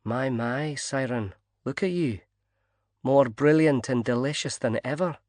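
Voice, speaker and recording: A woman's voice: very deep voice, unhurried, darkish tone, no echo. A man reading a flirtatious, teasing woman in an audiobook. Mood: flirty. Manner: teasing, breezy. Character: flirty worldly woman, club regular.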